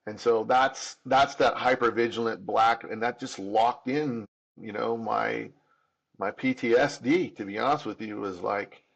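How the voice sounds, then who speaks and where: A man's voice: medium pitch, measured pace, gravelly, fairly bright tone, breathy edge, low-quality recording. A man in his fifties telling his own story as an interview guest, candid and earnest, often restarting and repeating words. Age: 50s. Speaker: podcast guest.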